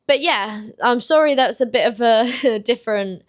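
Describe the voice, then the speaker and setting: Chatty young British woman, fairly high voice. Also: moderate pace. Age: 20s. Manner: open, chatty, many "like" fillers. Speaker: vlogger. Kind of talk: candid confessional vlog.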